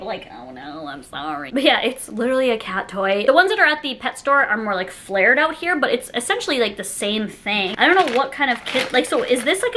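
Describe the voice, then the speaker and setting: A woman's voice: on the high side, sharp tone, a little hiss or hum. A young woman chatting casually as she unboxes items, giggling often and filling her talk with "like". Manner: chatty, giggly, heavy use of "like". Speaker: vlogger.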